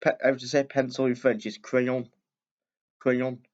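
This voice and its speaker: A man reads a children's picture book aloud in a loose, chatty way, wandering off into asides and correcting himself as he goes. His voice sits at an ordinary middle pitch. The recording sounds a little muffled and lo-fi. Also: level tone, moderate pace. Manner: rambling, chatty, frequent self-corrections. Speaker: storyteller and video host.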